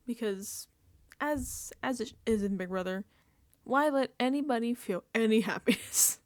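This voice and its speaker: A woman's voice: fairly high pitch, slow pace, pauses often, no echo. A woman recapping a reality TV episode in a casual reaction vlog, sarcastic and exasperated, swearing freely.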